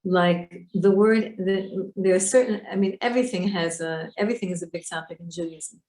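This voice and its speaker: A woman's voice: fairly low pitch, steady tone, moderate pace, a little mellow. A woman teaching a women's Torah class online, explaining Hebrew words and asking her students questions. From Israel. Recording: echoey room.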